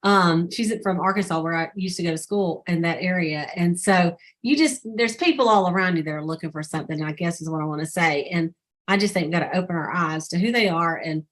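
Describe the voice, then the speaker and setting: A woman's voice: on the low side, fairly quick. Chatty woman telling stories. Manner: chatty storyteller who acts out quoted dialogue. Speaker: sales director hosting a team call. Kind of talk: casual motivational team call.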